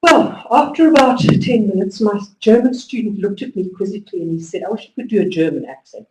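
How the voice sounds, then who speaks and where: A woman's voice: medium pitch, a little fast, few pauses, slight background noise. Woman lecturing in an echoey hall. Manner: lively storytelling, emphatic instructions. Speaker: conference speaker. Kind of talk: conference talk to teachers. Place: conference hall. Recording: echoey hall, distant mic.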